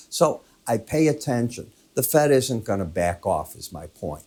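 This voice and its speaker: A man's voice: fairly low pitch, sing-song, moderate pace, few pauses, dark tone, slightly rough. An older man hosting a daily financial market wrap-up in a conversational, emphatic way, coughing now and then from a lingering illness. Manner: conversational, emphatic, walks through charts. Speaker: market commentator, host.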